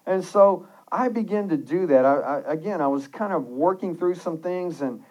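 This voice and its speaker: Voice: mid-range voice, normal speed, a little mellow, low-quality recording. A pastor giving an earnest, conversational sermon, reading scripture and devotional passages aloud and often restarting phrases.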